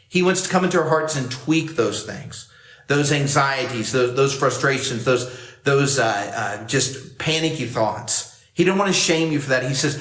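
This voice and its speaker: A man preaching in a relaxed, conversational style, slipping into the quoted lines as he reads. His voice sits a little high for a man. The room around him rings with a roomy echo, as he speaks to a camera for an online service. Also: normal speed. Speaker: pastor. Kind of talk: sermon.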